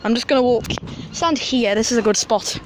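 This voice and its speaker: A man, rambling and excitable as he films a casual walk-and-talk vlog at an outdoor metro station. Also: very high voice, fairly quick. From North East England. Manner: chatty, rambling, excitable about train details. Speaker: transport vlogger. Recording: noisy outdoor station sound.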